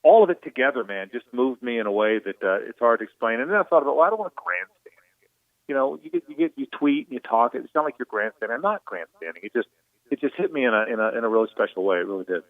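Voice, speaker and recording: A middle-aged man from Jacksonville speaks earnestly and with feeling, doubling back on his words as a broadcaster calling in. His voice sits in a middle pitch and comes through a thin, phone-like line with no room sound. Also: lively intonation, fast, no echo. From Jacksonville, Florida. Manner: earnest, emotional, repeats words. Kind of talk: reflective on-air talk. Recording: tinny phone line, dry.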